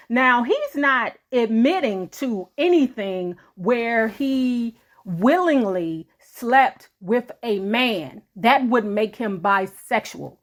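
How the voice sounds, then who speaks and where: Slow-talking woman reading with chatty asides. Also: on the high side, lively intonation. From United States. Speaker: YouTube host reading a book aloud. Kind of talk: casual reading with commentary.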